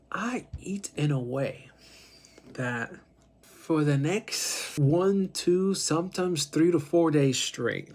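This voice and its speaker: A man talking casually to the camera, rambling and swearing, who acts out little scenes with other people to make his point. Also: mid-range voice. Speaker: vlogger.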